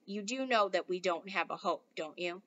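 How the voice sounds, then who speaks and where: A woman reading a storybook aloud, voicing a sly, excitable old grandfather who talks in a conspiratorial whisper. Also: fairly low pitch, normal speed, muffled recording, close to an everyday voice. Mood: nervous.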